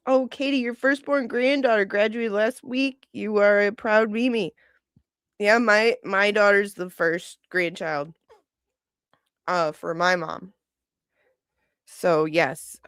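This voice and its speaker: Woman in her forties, livestream host, slow, rambling, chuckling, reads viewer comments, dry close sound. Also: mid-range voice, clean tone, no echo. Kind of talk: casual livestream chat, reading viewer comments.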